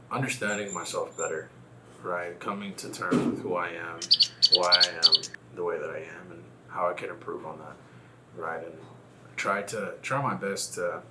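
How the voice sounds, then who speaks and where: A man's voice: sits low, bright, forceful tone, a little hiss or hum. A man from Texas, a guest in a casual conversation, talking reflectively and telling a personal story.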